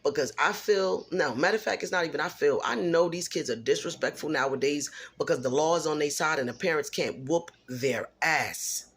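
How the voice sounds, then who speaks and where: A woman's voice: deep voice, normal speed, hardly any pauses, fairly bright tone, breathy edge. A middle-aged single mother venting in a personal vlog, blunt and emphatic, repeating herself for stress.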